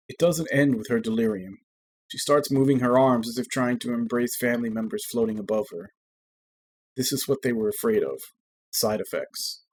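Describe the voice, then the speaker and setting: A man streaming a game, reading its story text aloud in a measured, earnest way. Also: mid-range voice, a little mellow.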